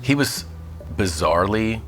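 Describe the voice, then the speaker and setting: A man with a very deep yet bright, forceful voice, spinning casual stories in a deadpan, matter-of-fact way. He breaks into laughter often as he talks. Soft music plays in the background of the studio. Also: measured pace. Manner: laughs while telling stories. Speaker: guest comedian. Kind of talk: casual storytelling interview. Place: kitchen studio.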